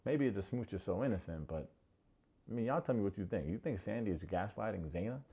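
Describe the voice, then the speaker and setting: A man with a slightly low voice gives a casual recap of a reality TV show. He talks in a chatty, animated way and speaks straight to his viewers. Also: a little fast, slightly rough. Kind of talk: casual video recap commentary.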